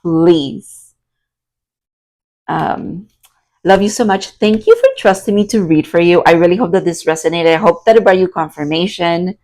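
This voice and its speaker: A young woman giving a tarot card reading to her viewers, excitable and prone to loud outbursts and laughter. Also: on the low side, fairly quick, poor audio. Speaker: tarot reader.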